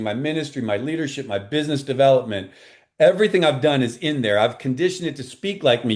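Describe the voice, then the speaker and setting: A man, a life coach and pastor, talking as a guest in an interview in an earnest, animated way. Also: fairly high pitch. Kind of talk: enthusiastic interview talk.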